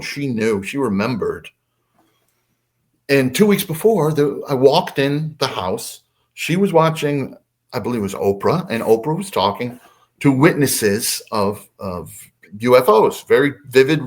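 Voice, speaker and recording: Older man telling a lively story. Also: mid-range voice, a little slow. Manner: animated, acts out voices in his anecdotes. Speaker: podcast guest. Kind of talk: casual storytelling.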